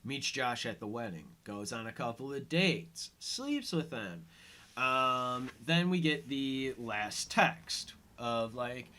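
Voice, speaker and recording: A man's voice: medium pitch, animated, slow, sharp tone. A man hosting a casual commentary podcast, retelling an episode with lots of fillers and quoted lines. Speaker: podcast host.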